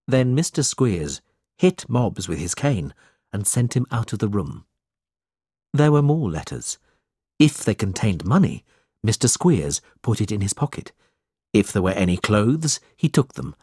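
Male audiobook narrator, unhurried and husky, lively intonation, dry sound. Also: lowish voice, dry recording. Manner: slow, measured. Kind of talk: audiobook reading.

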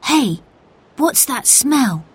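A woman's voice: sits high, big pitch swings, extremely slow, breathy edge, voice pushed up, heavily acted. A woman voicing a curious, eager young boy in a storybook reading.

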